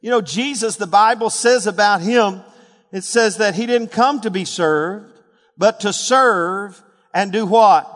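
A man in his sixties preaching a sermon as pastor, building to shouted calls and leading call-and-response with the congregation. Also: high-pitched, a little slow, big-room sound. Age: 60s. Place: church sanctuary.

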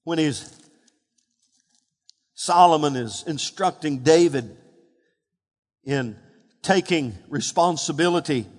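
A man preaching a sermon, calling on the congregation to respond and rising to loud, emphatic peaks. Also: a little high, takes it slowly, pauses often. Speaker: pastor. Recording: hall reverb.

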